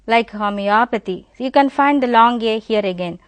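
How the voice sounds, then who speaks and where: A woman teaches pronunciation with a slightly high, clear, resonant voice, repeating words slowly and explaining them to her students, whom she addresses directly. No room sound comes through.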